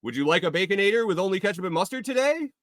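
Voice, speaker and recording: A man's voice: high-pitched, big pitch swings, rapid-fire, fairly bright tone, no echo, clean studio sound, voice pushed up. A man voicing an eager, salesy AI that greets drive-thru customers by name. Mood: chirpy. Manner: eager, salesy, overly friendly. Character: chirpy AI drive-thru voice, upselling.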